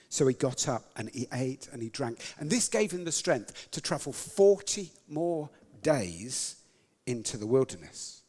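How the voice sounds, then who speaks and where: A man preaching a sermon, retelling scripture dramatically, swinging between loud lines and whispers. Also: fairly high pitch, big pitch swings, moderate pace, in a large hall. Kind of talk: sermon storytelling.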